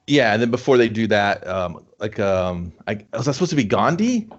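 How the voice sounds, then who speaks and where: A man's voice: on the low side, very animated, normal speed. A man co-hosting a casual movie review chat, rambling as he picks apart the plot's logic. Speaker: co-host. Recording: dull lo-fi audio.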